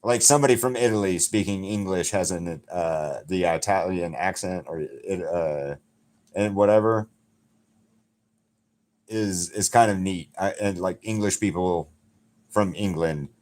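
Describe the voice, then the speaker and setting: A middle-aged painter from Alabama, USA, rambles with his livestream viewers, talking straight to chat and swearing freely. His voice is deep, unhurried and darkish in tone.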